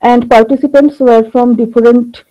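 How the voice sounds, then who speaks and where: A woman giving an academic conference presentation on linguistics, talking through her slides in a measured way with frequent filler pauses. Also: a little high, fairly even intonation, warm tone, dull audio. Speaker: linguistics researcher presenting a paper.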